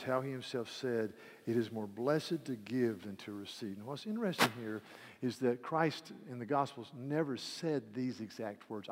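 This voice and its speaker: Impassioned preacher in a reverberant hall. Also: male voice, medium pitch. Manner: impassioned, swinging from hushed to loud; repeats words as he builds emphasis. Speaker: pastor. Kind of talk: sermon.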